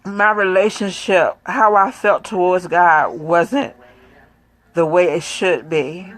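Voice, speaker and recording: A middle-aged woman giving a personal faith testimony, speaking softly and haltingly with many pauses and fillers. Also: on the low side, rough recording. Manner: soft, quiet, emotional delivery. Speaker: grieving mother sharing her faith.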